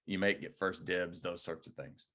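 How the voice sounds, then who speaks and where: A man leading a real estate agent training, coaching in a direct, energetic way. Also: deep voice, moderate pace. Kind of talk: training debrief talk.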